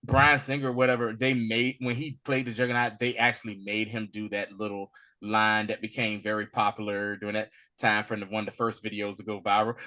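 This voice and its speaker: A man co-hosting a podcast, talking casually about a movie and acting out scenes in loud bursts. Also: fairly low pitch. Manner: animated, acts out lines in loud bursts. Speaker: podcast co-host.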